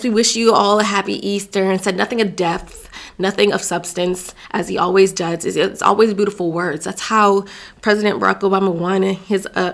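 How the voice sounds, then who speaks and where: A woman's voice: fairly low pitch, creaky, pushed and bright. A woman from Virginia hosting her own show, giving an emphatic opinion monologue and often stumbling over words and restarting. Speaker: show host.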